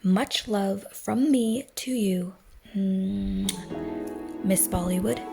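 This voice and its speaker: Slow, gravelly-voiced woman hosting a chatty show. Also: medium pitch, over music. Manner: chatty and self-deprecating. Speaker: host of a morning radio-style show. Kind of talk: casual solo show monologue.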